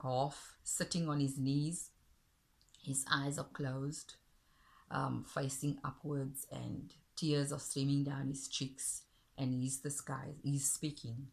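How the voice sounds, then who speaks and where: Middle-aged woman, low voice, earnest personal testimony, heartfelt storytelling. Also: creaky. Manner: earnest, heartfelt, rising with emotion when quoting God. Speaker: Christian speaker sharing a testimony. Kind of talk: personal testimony with a recited poem.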